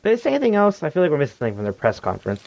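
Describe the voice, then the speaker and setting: A man's voice: a little high, huge pitch swings, rapid-fire, gravelly, a little mellow, no room sound, highs cut off. A man co-hosting a casual gaming news podcast, laughing often and reading listener comments aloud. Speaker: podcast co-host. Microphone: headphones and desk mic.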